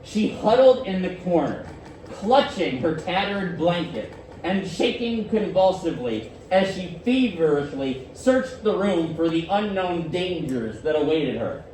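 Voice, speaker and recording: Male teacher, lively up-and-down delivery, slightly higher voice, distant mic in roomy classroom. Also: a little slow, soft background music. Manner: animated, questioning students. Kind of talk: classroom lesson.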